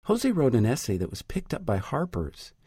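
A man narrating a radio news feature as a reporter, in a measured, reflective way. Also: medium pitch, huge pitch swings, mellow, breathy edge, no echo, clean studio sound.

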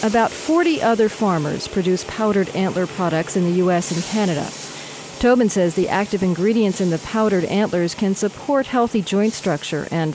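A woman reporter reading a scripted news report in a measured, even way. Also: medium pitch, background noise.

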